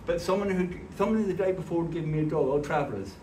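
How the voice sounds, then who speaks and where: Male church speaker, slightly raised pitch, earnest and halting, recorded from afar in a reverberant hall. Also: a little mellow. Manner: earnest, halting, with frequent restarts. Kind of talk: conversational sermon with personal storytelling. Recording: echoey hall, distant mic, faint hiss.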